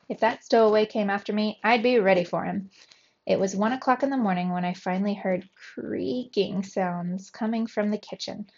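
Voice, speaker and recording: A woman teacher reading a storybook aloud to young students, with expressive, animated delivery. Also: medium pitch, lo-fi sound.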